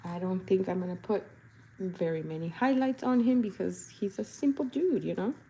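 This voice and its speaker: A woman's voice: medium pitch, lively intonation, normal speed, dark tone, slight background noise. A young woman chatting playfully while she paints, reading comments and breaking into silly voices and jingles. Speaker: body painter and vlogger. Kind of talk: casual chat while painting.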